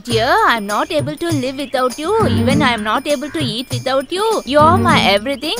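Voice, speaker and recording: A woman's voice: high voice, lively intonation, normal speed. A woman voicing a clingy young lover in a film dub, pleading and nagging. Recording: film dub with loud music underneath.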